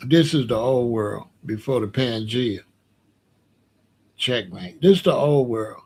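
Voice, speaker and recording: A man's voice: mid-range voice, normal speed, a little mellow, husky. A middle-aged man ranting bluntly and profanely in casual commentary, repeating himself and dismissing others.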